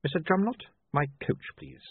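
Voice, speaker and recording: A man reading aloud gives voice to a cold, calculating ruler who weighs every word. His delivery is precise and sardonic, with a lively rise and fall. The voice is husky and sounds thin, as if over a phone line. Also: high-pitched, dry recording, voice pushed up, exaggerated voice. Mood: dry. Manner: precise, measured, dryly sardonic. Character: cool, calculating male city ruler.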